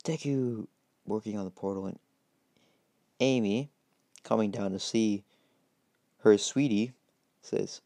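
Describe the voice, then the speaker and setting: A man's voice: lowish voice, takes it slowly, long pauses, dark tone, no echo. A man improvising a game story as narration, rambling and hesitant with many fillers.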